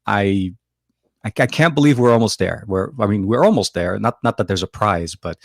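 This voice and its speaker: A man's voice: on the low side, lively intonation, moderate pace, creaky, no echo, clean studio sound. A man co-hosting a casual tech chat, rambling with many fillers and restarts. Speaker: co-host.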